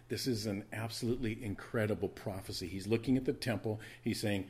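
A pastor with a lowish, brisk voice that is a little mellow and slightly rough preaches a sermon. He teaches emphatically, repeating key words for stress, making conversational asides to his congregation and asking them to take notes.

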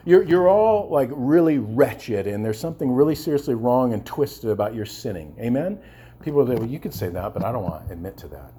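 A man's voice: medium pitch, lively intonation, fairly quick, dark tone, husky. A man preaching a sermon with passion, often repeating words and asking his listeners for agreement. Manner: passionate, repeats words and restarts, asks the congregation "amen?". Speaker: pastor.

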